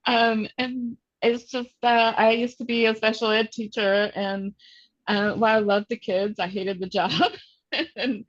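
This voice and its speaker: A woman's voice: medium pitch, no room sound. Chatty middle-aged woman on a dull call line. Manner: chatty and self-deprecating. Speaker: guest author. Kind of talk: casual self-introduction on a group call. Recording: dull, dry video-call audio.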